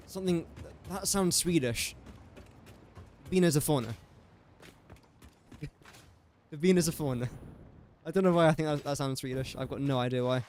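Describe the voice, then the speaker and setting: A man's voice: fairly high pitch, a little mellow, slight background noise. A young English man casually thinking aloud while streaming a building game and chatting to viewers. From England. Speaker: gaming streamer. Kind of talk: casual live-stream commentary.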